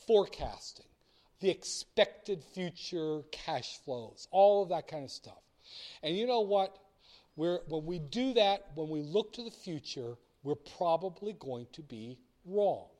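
A man lecturing on finance in a blunt, theatrical way, acting out little dialogues. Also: fairly high pitch. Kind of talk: recorded lecture.

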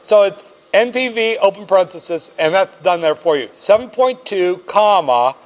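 A man's voice: high-pitched, animated, normal speed, few pauses. A man teaching a finance class step by step, joking with his students as he walks them through calculator keystrokes. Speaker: finance instructor. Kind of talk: classroom lecture.

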